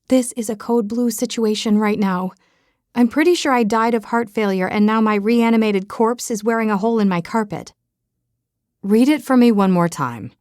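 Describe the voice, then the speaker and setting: A woman's voice: mid-range voice, no room sound, clean studio sound. A woman reading a first-person romance audiobook with a wry, comic storytelling manner. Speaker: audiobook narrator. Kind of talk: scripted first-person narration.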